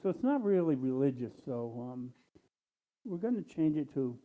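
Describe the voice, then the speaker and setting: Tinny-sounding man, tired and unhurried. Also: mid-range voice, very animated. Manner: unhurried, plainspoken, with many pauses and ums. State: tired, low energy. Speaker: church speaker. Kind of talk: casual talk to a congregation.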